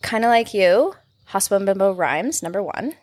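A young woman from the United States, a podcast guest chatting casually, animated, swearing freely and laughing often. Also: mid-range voice, moderate pace, dry recording, clean studio sound. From American. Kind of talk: casual chat.

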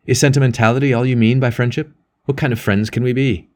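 A man's voice: mid-range voice, steady tone, quick pace, voice pushed up, natural voice. An earnest elder priest, firm in his faith voiced by a man reading an audiobook. He presses his point with a voice lifted somewhat above the surrounding narration. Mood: sharp.

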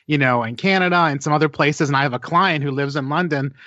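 A man's voice: fairly high pitch, quick pace, sharp tone, no echo, highs cut off. A man co-hosting a podcast in casual chat, enthusiastic, with frequent stammering restarts. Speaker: podcast co-host.

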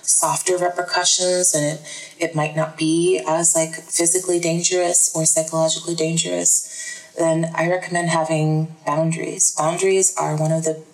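A woman with a low voice, speaking as a podcast guest. She talks in a thoughtful, measured way, pausing on fillers as she works through ideas. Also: flat delivery, rough recording. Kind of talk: casual interview talk.

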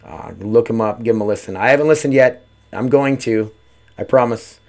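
A man's voice: mid-range voice, normal speed, a little mellow. Rambling, cursing podcast host man. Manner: rambling, profane, frequent "uh" fillers. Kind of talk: casual solo podcast chat. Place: at home.

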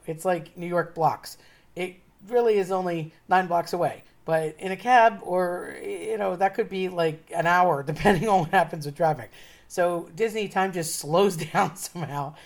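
A woman's voice: lowish voice, normal speed. A woman telling a personal story in a casual, chatty way, wry and often laughing as she talks. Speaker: storyteller host.

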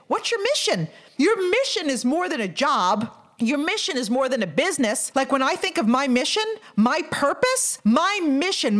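High-voiced, energetic motivational woman. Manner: energetic, preachy, rhetorical questions. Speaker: podcast host. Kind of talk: motivational podcast talk.

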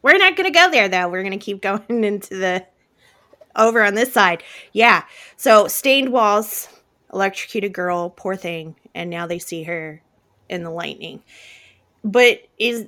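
A woman hosting a podcast in casual chat, expressive and gushing, with frequent exclamations. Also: medium pitch, a little slow. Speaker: podcast host.

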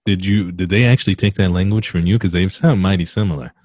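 A man's voice: low-pitched, quick pace, darkish tone, no room sound. A man hosting a comedy interview, asking earnest, probing questions with a straight face. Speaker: interviewer host.

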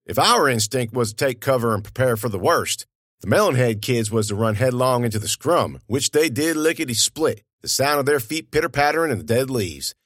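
A man's voice: mid-range voice, animated, fairly quick, a bit bright, no echo, studio quality. A man narrating an audiobook in a folksy, conversational storytelling manner.

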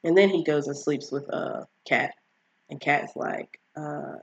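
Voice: mid-range voice, unhurried, lo-fi sound. A vlogger casually recapping a TV series, rambling with lots of fillers and acting out the characters' lines.

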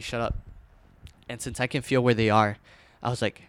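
A young man casually telling a scary personal story, rambling with fillers and restarts, dropping to a hush at tense moments. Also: mid-range voice, flat delivery, normal speed, clear, resonant tone, no echo.

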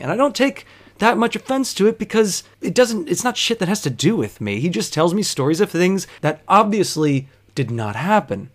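A man, a bartender, telling a comic story in an exasperated, incredulous way, with plenty of swearing. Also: a little high.

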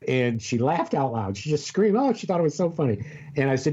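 An older man, a grandfather, telling a long rambling story in casual chat over a call, with halting restarts. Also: medium pitch, big pitch swings, warm tone, breathy edge, highs cut off.

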